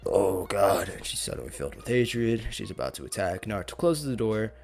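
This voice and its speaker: Gravelly, profane young-sounding storyteller man. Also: fairly low pitch, very animated, a little fast. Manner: profane, rambling, slangy. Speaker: channel host. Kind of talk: casual what-if story narration.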